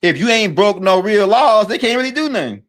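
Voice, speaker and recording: A man's voice: sits high, animated, a little fast, fairly bright tone. A man hosting his own video channel, delivering a rambling, emphatic monologue and punctuating points with "right?". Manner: rambling, emphatic, repeats himself with frequent "right?". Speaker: video host. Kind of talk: casual monologue to camera.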